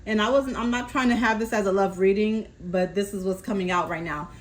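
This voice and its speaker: A woman doing a casual tarot reading, calmly relaying messages from spirit and often checking in with her listener. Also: mid-range voice, brisk, low-quality recording. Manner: reassuring, keeps checking in with "okay?". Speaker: tarot reader.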